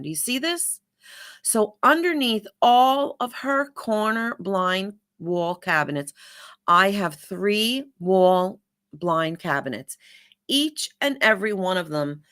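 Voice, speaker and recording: A woman's voice: medium pitch, very animated, slow pace, fairly bright tone. A woman design educator explaining things step by step, often checking in with the viewer. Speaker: kitchen and bath design educator. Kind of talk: instructional explainer.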